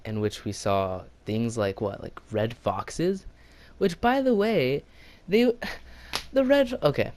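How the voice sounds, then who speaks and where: A young man telling an impromptu story in a casual, rambling way, laughing often and putting on voices for quotes. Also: fairly low pitch. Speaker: gaming channel host telling a story.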